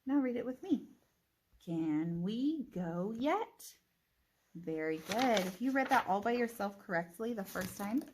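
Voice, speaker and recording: Woman, teacher, phonics lesson, unhurried pace, careful sounding out, encouraging. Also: mid-range voice. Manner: slow, deliberate, encouraging.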